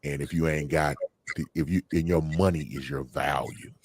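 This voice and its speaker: A man hosting a casual podcast conversation, animated and exclaiming, reading out viewer comments. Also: extremely low pitch, moderate pace, creaky, breathy edge, no echo. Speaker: podcast host.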